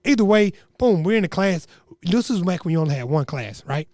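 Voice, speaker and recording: Young guy, high voice, dry sound, animated slangy storytelling. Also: brisk, no echo. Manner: animated, slangy, acts out quotes. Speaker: comedian storyteller. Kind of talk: comedic storytelling.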